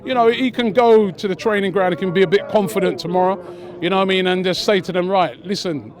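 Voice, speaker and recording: A young man chatting excitedly as a fan after a match, repeating himself with lots of fillers. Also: sits high, quick pace. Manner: animated, repeats phrases, many fillers. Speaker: interviewed fan. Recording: crowd noise outdoors.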